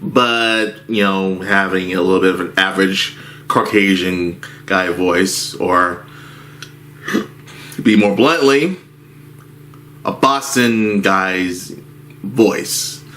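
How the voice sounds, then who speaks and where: A man with a low-pitched voice tells a rambling workplace story in a casual rant. He talks slowly, circling back and restarting his sentences. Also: sharp tone, a little hiss or hum. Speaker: movie theater worker.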